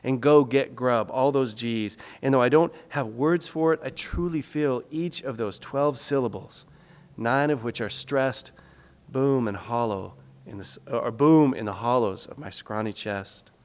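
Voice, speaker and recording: A man in his forties reads his poetry aloud at a lecture, measured and rhythmic, his voice at an ordinary middle pitch. The sound rings out with a long reverb from the hall around him. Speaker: guest lecturer and poet. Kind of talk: public lecture with poetry reading.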